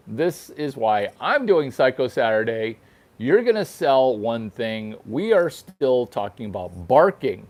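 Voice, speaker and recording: With a mid-range, slightly mellow voice, the host rambles through a crude and provocative comedic monologue full of repetition. It's his own show, recorded on a single microphone without sound effects.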